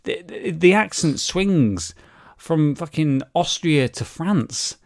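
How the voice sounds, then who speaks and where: A man's voice: on the high side, expressive, slow, darkish tone. A British man co-hosting a podcast, rambling with hesitations and mock outrage in casual chat. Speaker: podcast co-host.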